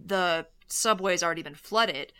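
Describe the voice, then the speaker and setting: Bright, talkative woman co-host; loose, rambling podcast chat. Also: fairly low pitch, unhurried, smooth. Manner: chatty, filler-heavy, explains at length. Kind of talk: casual movie discussion.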